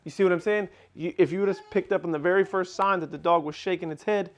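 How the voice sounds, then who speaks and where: A man explains things with insistent, lecturing emphasis, acting out little scenes as he goes. His voice sits fairly high for a man. The delivery is casual podcast chat. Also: fairly even intonation, fast. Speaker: podcast co-host, dog breeder.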